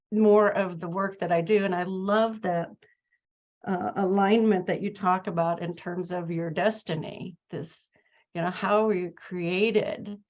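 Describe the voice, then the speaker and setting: A reflective woman host shares a personal story in a relaxed conversational way. She works through her thoughts with fillers and restarts, and the mid pitch of her voice stays warm and unhurried. The recording sounds a little dull and lo-fi. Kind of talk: conversational interview chat.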